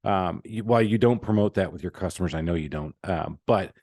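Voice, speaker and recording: A man hosting a podcast, chatting casually with jokes at his own expense in quick run-on bursts. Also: sits low, a little mellow, dry recording, clean studio sound. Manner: joking, self-mocking, talks in quick run-on bursts. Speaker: podcast host.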